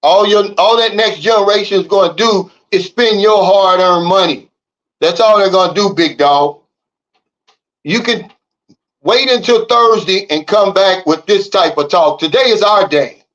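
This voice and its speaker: A man's voice: high-pitched, unhurried, a bit bright, dull audio. A man hosting a livestream, reading the chat and ranting in a blunt, fired-up way. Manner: fired-up, blunt, repeats "Big Dog" and "okay?". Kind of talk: casual livestream talk. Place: living in the Philippines.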